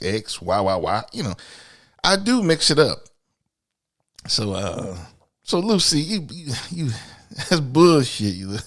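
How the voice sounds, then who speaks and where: Slow, gravelly-voiced man hosting a podcast. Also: on the low side, fairly bright tone. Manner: blunt, profane, repeats words when starting sentences. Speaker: podcast host. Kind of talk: casual podcast monologue.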